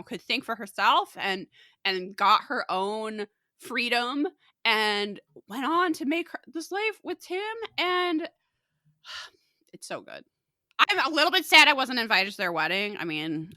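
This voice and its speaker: A woman co-hosting a podcast in a relaxed, chatty way, often breaking into laughter. Her voice is very bright and swings widely in pitch. The sound is close and dry, with no room around it. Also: moderate pace, no echo. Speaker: podcast co-host. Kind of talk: casual podcast chat recapping a TV episode.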